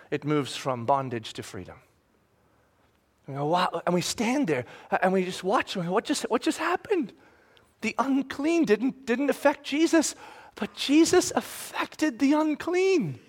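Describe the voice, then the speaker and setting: A man preaching a sermon with passion, acting out the voices of people in his stories and swinging between loud bursts and hushed lines. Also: high-pitched, lively intonation, normal speed. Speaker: pastor.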